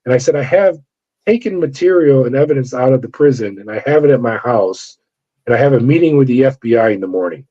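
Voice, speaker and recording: A man's voice: mid-range voice, lively intonation, fast, dark tone. A middle-aged man from California, a former corrections officer, telling his story in an interview and acting out the voices of the people in it. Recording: dull lo-fi audio.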